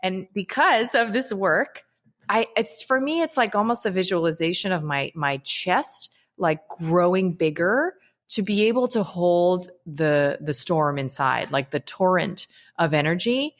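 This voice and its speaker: A woman's voice: on the low side, animated, a little slow. A woman talking as a guest in a casual, reflective interview, earnest and sprinkling in "you know" and "right?". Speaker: guest, holistic psychiatrist and author.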